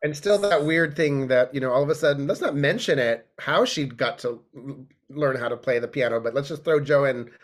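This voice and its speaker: A man's voice: mid-range voice, a little fast. A man in a casual podcast chat, musing and a little hesitant. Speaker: podcast co-host.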